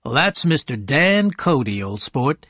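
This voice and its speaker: A man voicing a genial, courteous rich young man in a storybook reading, in a slightly husky middle voice. It sounds close and dry, friendly and eager to please. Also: mid-range voice, big pitch swings, measured pace, fairly bright tone, no room sound. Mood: fond.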